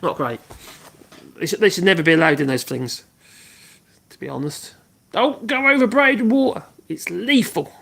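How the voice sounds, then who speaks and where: A man's voice: sits high, big pitch swings, moderate pace, gravelly, fairly bright tone. A man hosting a casual woodworking livestream, rambling and humming to himself as he works. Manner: rambling, hums to himself while working. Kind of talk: casual livestream chat while working.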